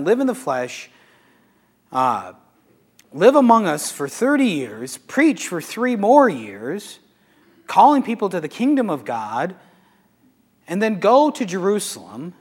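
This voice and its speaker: A Catholic priest gives a talk to a live audience. He speaks conversationally in a slightly high voice. The sound carries a long hall reverb. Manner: conversational, animated, rhetorical questions. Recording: echoey hall.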